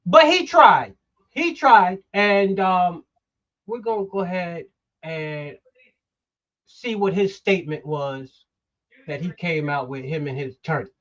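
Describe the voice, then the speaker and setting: A man's voice: sits high, slow, long pauses, fairly bright tone. Middle-aged male show host, fired-up and blunt, muffled lo-fi audio. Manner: emphatic, heated, swears. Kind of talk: political talk show.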